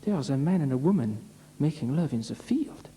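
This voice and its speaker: A man's voice: mid-range voice, expressive, a little fast, warm tone, in a large hall, slight background noise, natural voice. A man voicing an anxious little French boy who reports trouble to his mother in an urgent rush. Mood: alarmed.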